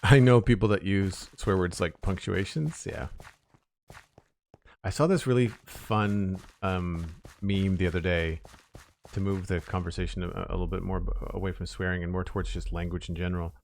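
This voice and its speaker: A man with a fairly low voice talks casually with viewers while he plays a building game. He rambles, restarts his sentences and leans on fillers, in an unhurried live-stream chat. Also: steady tone, vocal fry. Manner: rambling, chatty, with fillers and self-corrections.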